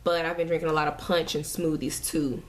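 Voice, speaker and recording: A woman's voice: sits low, flat delivery, a little fast, slight background noise. A young woman giving a casual pregnancy update vlog, nauseous and a little out of breath, chatty and rambling with many fillers. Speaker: family vlogger.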